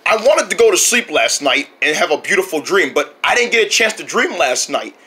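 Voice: medium pitch, sing-song, fairly quick, pitched below the performer's own voice. Toilet, a performer doing a grumpy sulking kid. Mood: sulky. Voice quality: sulky, grumbling and sometimes yelling. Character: grumpy young male character stuck in a bad temper. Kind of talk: homemade comedy skit voice acting.

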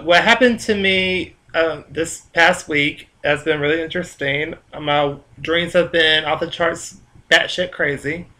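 Bright-voiced man rambling on his vlog. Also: a little high. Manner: loose, chatty storytelling with cursing and asides. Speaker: vlogger.

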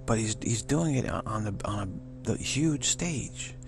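A man giving rambling spiritual commentary, chuckling and halting with many restarts. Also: mid-range voice, lively intonation, music in the background.

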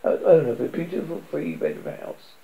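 A man narrating a dramatic story in a steady storytelling manner. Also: fairly high pitch, fairly quick, vocal fry, low-quality recording. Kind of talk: scripted audiobook narration.

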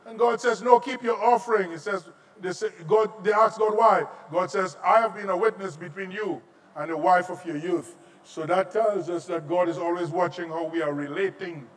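A middle-aged man with a Trinidadian accent preaching a sermon as a visiting pastor, jumping from quiet asides to shouted lines. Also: high voice, normal speed, recorded from a distance. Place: large auditorium.

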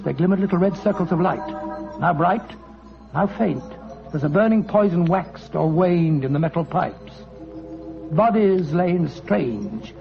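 Watson, fussy gent, highish voice, dull old radio with music under. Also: male voice, gravelly, full character voice. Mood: narrating. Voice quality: proper, indignant, narrating. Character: Dr. Watson, earnest gentleman narrator. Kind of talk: 1940s radio acting.

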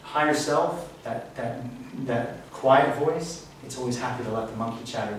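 Male speaker, mid-pitched, earnest and reflective, live talk; roomy echo, far-off mic, light hiss. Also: moderate pace, few pauses. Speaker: spiritual workshop speaker. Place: event room. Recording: echoey room, distant mic, faint hiss.

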